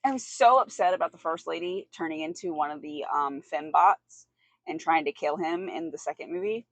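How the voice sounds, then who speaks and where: A woman's voice: sits low, lively intonation, moderate pace, no echo. A woman livestreaming from an outdoor hot tub, chatting casually with her audience and giggling often. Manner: chatty and giggly, reacting to chat. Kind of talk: casual chat with a live audience.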